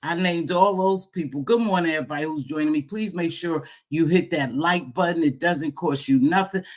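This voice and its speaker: A woman's voice: low-pitched, normal speed. A woman hosting a casual livestream, talking straight to her viewers in a playful, teasing way with lots of exclamations. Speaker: livestream host. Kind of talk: casual live chat.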